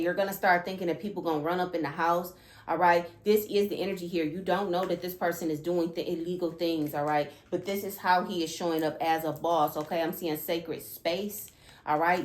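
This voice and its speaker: Woman, tarot reader, lowish voice, emphatic, repeats herself, roomy echo, faint background noise. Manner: emphatic and repetitive, constantly checking in with "okay?" and "all right?". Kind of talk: casual tarot reading to camera.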